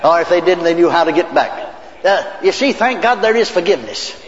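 A man's voice: high voice, lively intonation, fairly quick. An older man preacher telling stories in a folksy sermon, often repeating words and laughing, in a church hall on a dull lo-fi recording. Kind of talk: sermon storytelling. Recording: echoey hall, dull lo-fi tape.

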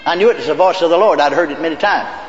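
Older man preacher, folksy sermon storytelling, fairly high voice, echoey church hall, dull lo-fi tape. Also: fast, slight background noise. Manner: folksy, repeats words, laughs.

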